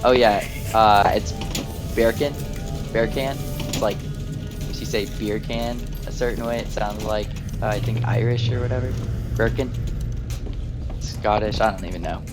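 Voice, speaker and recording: A man's voice: lowish voice, fairly even intonation, normal speed. An American man chatting casually and rambling with fillers while he streams a video game. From USA. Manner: rambling, hesitant, lots of fillers. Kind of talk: casual chat while playing. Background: loud game music.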